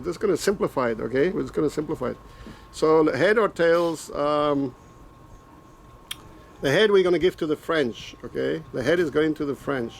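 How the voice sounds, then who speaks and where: A man's voice: a little high, vocal fry, slight background noise. A man rambling and joking as he talks to his own camera in a casual vlog, repeating himself as he goes. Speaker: vlogger making predictions.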